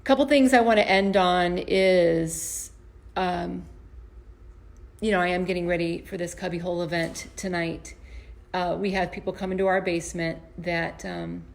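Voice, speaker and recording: A woman's voice: lowish voice, steady tone, normal speed, creaky. A woman, an empowerment coach and comedian, giving a motivational talk to camera from her home basement, earnest and storytelling, often restarting and repeating words. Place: home basement performance space.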